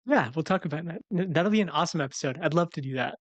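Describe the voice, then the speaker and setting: A man's voice: on the high side, lively intonation, rapid-fire, no room sound, highs cut off. Opinionated man explaining yoga on a podcast. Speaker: podcast co-host, yoga teacher. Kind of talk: casual chat.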